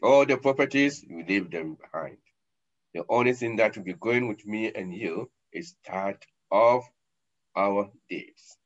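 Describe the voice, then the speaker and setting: Dramatic low-voiced preacher man. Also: measured pace. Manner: dramatic, acts out scenes with sudden loud and soft turns. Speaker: sheikh, lecturer. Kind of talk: sermon. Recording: dull lo-fi recording.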